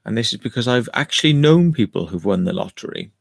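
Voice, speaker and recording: A man's voice: mid-range voice, lively intonation, quick pace, gravelly, breathy edge, dry recording. A man chatting casually on a home livestream, rambling and cheeky as he answers viewer comments and swears now and then.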